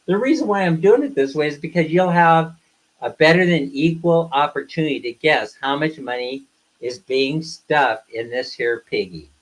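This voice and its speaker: A man's voice: a little high, normal speed, rough recording. A man talking casually on a live stream, bluntly ranting at his viewers and then teasing them playfully. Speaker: live streamer, co-host of a couple's channel.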